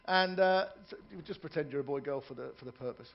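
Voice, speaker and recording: A man's voice: a little high, fast talker, vocal fry, muffled recording. A man performing stand-up comedy in a ship's theatre, telling jokes, doing characters' voices and joking with the audience.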